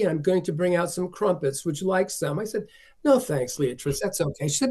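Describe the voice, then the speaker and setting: A man's voice: high-pitched, very animated, normal speed, darkish tone. A man, a film collector being interviewed, telling stories and acting out the voices of the people he quotes. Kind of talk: conversational storytelling.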